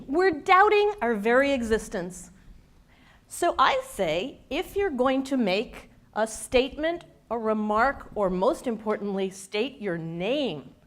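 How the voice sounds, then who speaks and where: A woman communications expert giving a workshop to a live audience in a playful, lively way. She asks the listeners questions and acts out the speech habits she describes. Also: on the high side, slow. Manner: demonstrates speech habits with her own voice.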